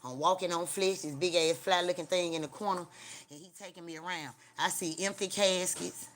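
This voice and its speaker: A woman with a slightly low, sharp-toned voice hosts a casual livestream, telling a loose, rambling story and swearing freely. She stuffs her sentences with filler like "da, da, da" and turns to chat directly with her viewers.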